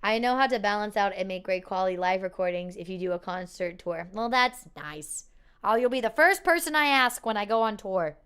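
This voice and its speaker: A woman's voice: medium pitch, a little fast, fairly bright tone, clean tone. Giggly woman chatting on a stream. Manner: giggly, laughs often; reads viewer comments aloud. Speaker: streamer reading chat. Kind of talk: casual live-stream chat.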